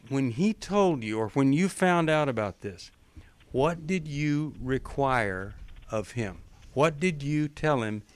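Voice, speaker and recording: A man's voice: mid-range voice, clear, resonant tone. Direct male radio advice host. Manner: direct, coaching, quotes others in acted lines. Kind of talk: call-in advice talk. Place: radio studio.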